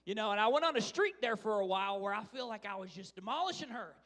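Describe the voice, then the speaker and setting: High-voiced chatty man preaching in a hall. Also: animated, fast, a bit bright. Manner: rambling, chatty, self-deprecating storyteller. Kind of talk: casual sermon. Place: large church hall. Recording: reverberant church hall.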